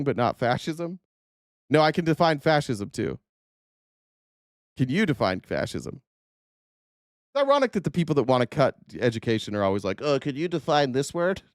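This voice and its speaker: A man's voice: mid-range voice, dry recording, clean studio sound. A man hosting a casual political livestream, talking in a sarcastic, profane way and reading viewer comments aloud, his voice a little worn. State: voice a bit worn. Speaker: livestream host.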